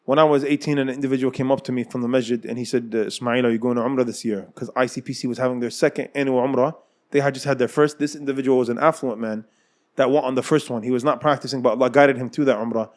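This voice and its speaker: Fast-talking American man telling a story. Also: medium pitch. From United States. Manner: animated, acts out dialogue, laughs often. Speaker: guest telling his life story. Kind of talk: casual storytelling.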